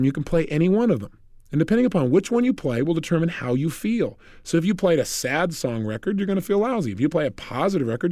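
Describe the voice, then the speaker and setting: A man delivering a motivational seminar with lively, swooping pitch and a quick pace. He tells his story vividly and acts out each quote. His voice is high for a man and sounds dry and close. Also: dry recording. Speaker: motivational speaker.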